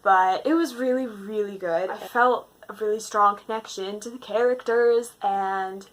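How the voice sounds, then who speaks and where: A young woman in a casual, rambling movie-ranking chat, gushing and animated with lots of fillers. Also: medium pitch, a little slow, slight background noise, low-quality recording. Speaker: book video host.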